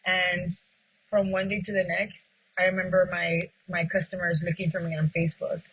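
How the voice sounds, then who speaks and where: Woman, husky voice, pizzeria owner, casual storytelling, acts out old conversations. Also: fairly low pitch, little pitch movement, moderate pace, a bit bright, low-quality recording. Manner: retells past talks by acting out both sides, heavy with "like". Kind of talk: personal storytelling in an interview.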